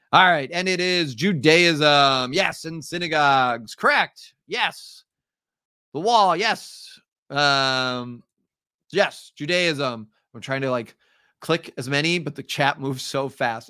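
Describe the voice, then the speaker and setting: A man's voice: medium pitch, pushed and bright, no echo, clean studio sound. A man with a Midwestern accent, teaching an upbeat, chatty live-stream review lesson with frequent ums. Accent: Midwestern American.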